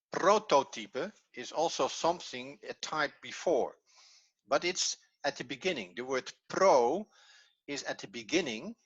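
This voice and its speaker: A man's voice: medium pitch, fairly bright tone, lo-fi sound. A man with a Dutch accent, a native Dutch speaker teaching a language lesson in English, patiently repeating key words as he explains. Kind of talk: classroom lesson.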